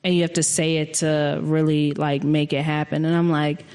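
A woman co-hosting a podcast in casual chat, speaking in a slow, relaxed, drawn-out way. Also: sits low, smooth. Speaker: podcast co-host.

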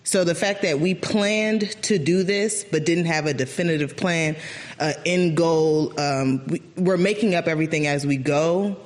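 High-voiced animated male podcaster. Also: normal speed. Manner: animated, jumps high when quoting others. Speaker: podcast co-host. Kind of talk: casual chat.

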